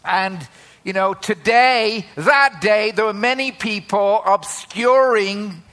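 Bright, high-voiced man preaching a sermon. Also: takes it slowly. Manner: conversational, with many filler asides and tag questions.

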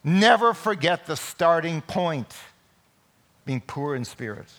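A man preaching a Sunday sermon in a church, emphatic, with sudden loud peaks. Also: a little high, lively intonation, slow pace. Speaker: pastor.

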